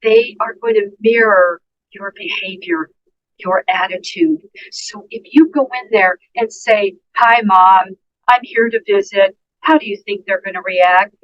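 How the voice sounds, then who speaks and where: A woman's voice: medium pitch, unhurried, lo-fi sound. A woman nurse, a guest on a podcast interview, giving earnest, emphatic advice and speaking directly to listeners. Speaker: guest nurse and dementia care educator.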